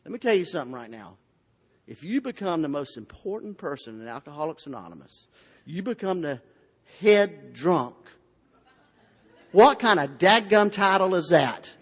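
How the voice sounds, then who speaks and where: Southern guy telling his story with jokes, pretty high voice, big echoey convention hall. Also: lively intonation, normal speed. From Florida. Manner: folksy, humorous storytelling. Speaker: AA convention speaker. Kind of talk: recovery testimony talk. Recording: long hall reverb.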